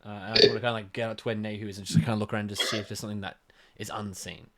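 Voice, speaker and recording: A man's voice: lowish voice, flat delivery, very fast, bright, forceful tone. A young man playing a tabletop game, asking eager, stumbling rules questions in casual chat. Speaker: player.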